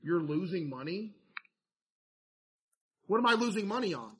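Male game streamer, high and bright voice, dramatic fake-stressed chatter to chat. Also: normal speed, pauses often, slightly rough. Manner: animated, mock-stressed, talks to chat. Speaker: streamer playing a laundromat game. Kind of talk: casual gameplay commentary to chat.

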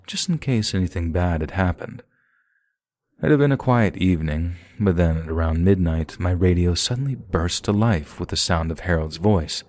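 A man with a very deep voice tells a first-person horror story at a steady, measured pace. The sound is close and dry, with no room around it. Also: no echo. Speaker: narrator.

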